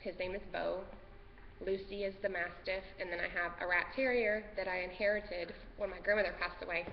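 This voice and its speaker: A woman's voice: on the low side, little pitch movement, fairly quick. Nervous rambling woman, lo-fi. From Texas. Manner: nervous, rambling, easily distracted. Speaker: podcast host. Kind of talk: casual craft vlog chat. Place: home craft room. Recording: dull lo-fi sound with long reverb and faint noise.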